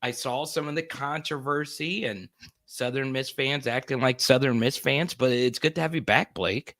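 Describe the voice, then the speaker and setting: An upbeat man co-hosts a casual sports talk show with a bright, forceful voice. He talks quickly and often restarts his sentences. The sound is dry and close. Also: mid-range voice, dry recording.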